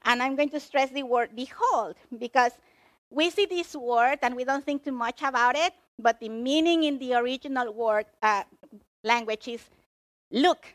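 A woman preaching a sermon, emphatic and expressive as she tells the story. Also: sits high, normal speed, no room sound.

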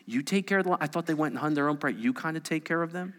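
A man's voice: on the high side, expressive, a little fast. A man preaching a sermon, reading scripture aloud and adding conversational asides, dropping at times to a whisper. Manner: dramatic, swings from loud to whispered; conversational asides with rhetorical questions. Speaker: pastor.

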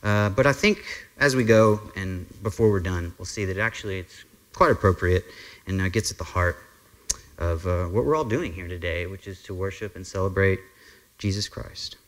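A male pastor preaches to his congregation in an earnest, conversational manner. His voice sits on the low side, and he talks loosely, with frequent ums and restarts. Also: expressive, normal speed, fairly bright tone. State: briefly emotional. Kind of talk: sermon. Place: church sanctuary.

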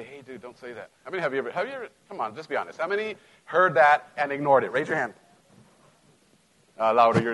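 A middle-aged man with a Latino American accent, preaching a sermon in a conversational, joking way, dropping to quiet asides and rising to loud emphasis. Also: a little high, poor audio. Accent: Latino American English. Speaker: pastor.

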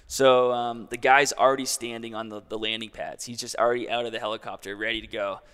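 A man's voice: mid-range voice, level tone, fast, fairly bright tone, smooth, long reverb tail. A young man casually telling a long story as a guest, in a laid-back way full of "like".

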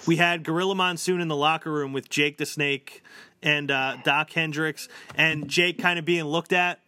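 A man's voice: on the high side, steady tone, normal speed, bright, forceful tone, no room sound. A man co-hosting a podcast, talking casually with lots of fillers and restarts. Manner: chatty, many fillers and restarts. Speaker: podcast co-host. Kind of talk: casual chat.

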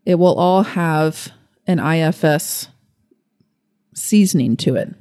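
Woman podcast host, young adult, slow and gentle delivery, slightly low voice, earnest and excited. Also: clear, resonant tone, no room sound. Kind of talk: casual solo podcast talk. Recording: dry close recording with faint music.

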